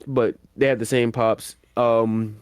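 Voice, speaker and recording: A man's voice: mid-range voice, slow pace, smooth, dry recording, studio quality. Slangy man animatedly recapping anime. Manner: animated retelling, acting out characters' lines in slangy voices. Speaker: podcast co-host. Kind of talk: casual anime recap chat.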